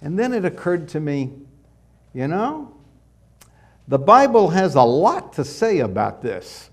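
A middle-aged male pastor preaching a sermon in a conversational way, asking rhetorical questions and dropping suddenly soft. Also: on the high side, sing-song, a little slow.

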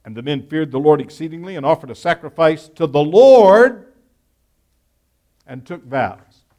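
A male pastor delivers a slow, deliberate sermon in a fairly high voice. He reads scripture aloud and unpacks it word by word, leaning hard on key words and then dropping to quiet asides. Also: lively intonation. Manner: emphatic, swings from loud stress to quiet asides.

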